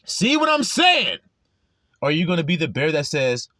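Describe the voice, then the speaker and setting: Brief: high, lively male preacher, blunt and profane, keeps quizzing the listener. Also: normal speed, no echo. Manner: blunt, profane, teasing, rhetorical questions. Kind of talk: casual street sermon.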